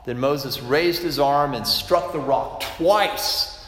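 A man's voice: on the high side, takes it slowly, a bit bright. A man preaching a sermon in a conversational, self-deprecating way, often restarting his sentences. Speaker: pastor. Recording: echoey hall reverb.

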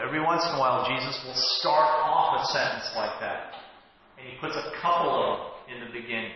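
A man's voice: mid-range voice, a little fast. A pastor in his forties giving a conversational sermon and often restarting his sentences. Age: 40s. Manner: conversational, with self-interrupting restarts. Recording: echoey hall, dull lo-fi sound.

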